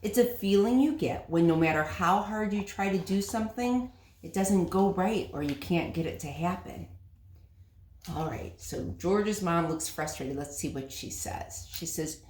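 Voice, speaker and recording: A woman teacher reading a picture book aloud to children, gently asking questions and explaining words. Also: on the low side, measured pace, reverberant, slight background noise.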